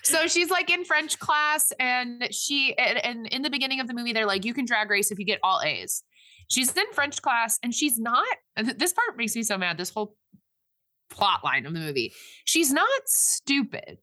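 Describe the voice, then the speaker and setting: A woman talks through a movie's plot in casual chat, her voice bright and forward. She rambles, restarts sentences and fills gaps with "like" and "um." The sound is close and dry, with no room around it. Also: fairly high pitch, expressive, moderate pace, dry recording. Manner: rambling, filler-heavy retelling with quoted voices.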